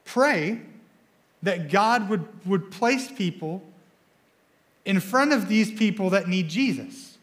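A young man preaching a sermon as a student pastor in a church, energetic and excitable, often stumbling and repeating words as he speaks. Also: high-pitched, takes it slowly, pauses often.

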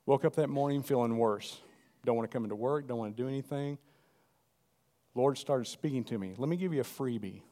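Man, pastor, middle-aged, animated sermon, calls to the congregation, warm low timbre, mid pitch. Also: a little fast.

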